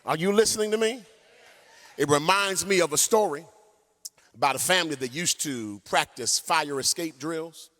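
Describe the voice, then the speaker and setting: A man pastor preaching a sermon and telling a story in an animated way, sometimes singing his phrases. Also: a little high, normal speed. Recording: long church hall reverb.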